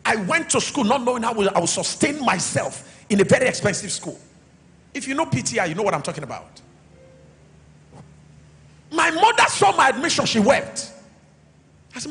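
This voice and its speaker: A middle-aged Nigerian man preaching a sermon as pastor, calling for responses and swinging between shouts and quiet asides. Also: very high-pitched, sing-song, normal speed, pauses often, in a large hall. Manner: preaching with call-and-response, sudden shouts then soft asides.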